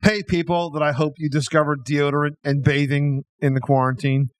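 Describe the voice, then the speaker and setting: A man's voice: a little high, little pitch movement, brisk, no echo. Male podcast host, joking banter, raised voice, dry studio mic. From Philadelphia. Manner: jokey, repeats words and restarts often. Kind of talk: casual comedic chat.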